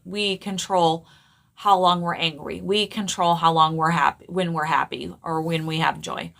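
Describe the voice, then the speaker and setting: A middle-aged woman speaks in a slightly low voice, giving a casual motivational talk. She is earnest and conversational, and often checks in with her listeners as she goes. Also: gravelly, a bit bright. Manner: conversational, earnest, with frequent tag questions. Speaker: spiritual speaker.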